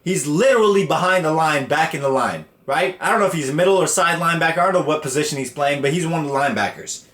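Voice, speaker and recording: Profane animated man ranting. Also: a little high, quick pace, reverberant. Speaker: podcast host. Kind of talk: casual storytelling rant.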